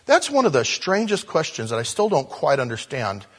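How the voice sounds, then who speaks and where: A man preaching a sermon, shifting between soft hushed moments and loud, animated storytelling. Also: a little high, moderate pace, husky. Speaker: pastor.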